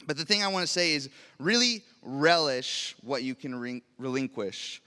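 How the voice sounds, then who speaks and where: A man's voice: mid-range voice, lively intonation, moderate pace, pushed and bright, smooth. A young adult man preaching a sermon in a church, earnest and personal, asking rhetorical questions and telling stories from his own life. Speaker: pastor. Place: church sanctuary. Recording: long reverb of a large hall.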